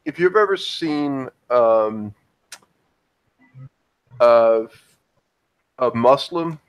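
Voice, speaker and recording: A man's voice: medium pitch, expressive, very slow, smooth, muffled recording. A man playing in a tabletop game, describing his character with many hesitations. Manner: hesitant, joking, filler-heavy. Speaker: player. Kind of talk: casual tabletop play.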